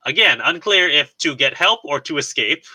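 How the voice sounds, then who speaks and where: A man's voice: on the high side, animated, normal speed, pushed and bright, slightly rough, poor audio. A man co-hosting a podcast, casually recapping a movie scene by scene with lots of fillers and laughs. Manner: rambling, laughs often, lots of "like" and restarts. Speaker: podcast co-host. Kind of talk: casual chat recapping a film.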